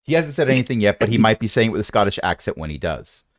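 A man's voice: lowish voice, very animated, very fast, no room sound, clean studio sound. Playful man narrating as game master. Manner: playful, rambling descriptions with asides.

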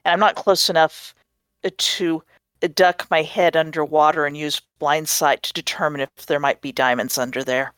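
A woman's voice: low voice, fairly even intonation, moderate pace, a bit bright, smooth, dry recording. A woman playing a tabletop game, chatty and playful. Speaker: player. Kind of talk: casual tabletop game play.

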